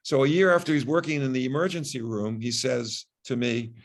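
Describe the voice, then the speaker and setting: Older man with a gravelly voice. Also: mid-range voice, steady tone. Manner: measured, frequent restarts. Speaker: guest, physician. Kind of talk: interview storytelling.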